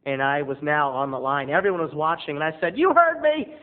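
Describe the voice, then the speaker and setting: A man's voice: on the high side, steady tone, fast. A man telling a dramatic, gossipy story to the camera as a video blogger. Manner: theatrical, gossipy, punchy delivery. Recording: tinny phone-like lo-fi audio.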